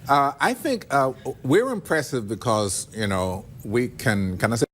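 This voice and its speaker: A man's voice: medium pitch, animated, unhurried, fairly bright tone, a little hiss or hum. A man guest on a late-night talk show in a TV studio, dryly teasing and hesitating with fillers as he thinks. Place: TV studio with a live audience.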